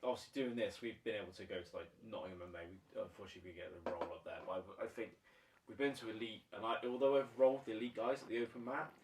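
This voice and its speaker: A man's voice: fairly low pitch, fast talker, distant mic. A man in casual podcast chat, blunt and swearing freely. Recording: echoey, off-mic, faint noise.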